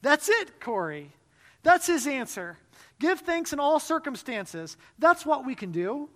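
A woman voicing a devout, gentle young woman prisoner who speaks with bright, earnest encouragement. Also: sits high, sing-song, measured pace, voice pushed up. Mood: joyful. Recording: long hall reverb.

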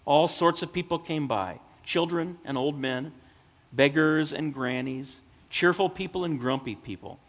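A man with a fairly high voice reads a children's story aloud unhurriedly, then reflects on it in an earnest, emotional way. Long hall reverb surrounds the recording.

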